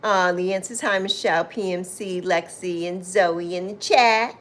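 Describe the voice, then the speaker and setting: A woman's voice: lowish voice, steady tone, a little slow. A woman hosting a casual livestream, greeting viewers by name and calling them "my love" and "honey". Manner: warm, chatty, calls viewers "my love" and "honey". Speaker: livestream host.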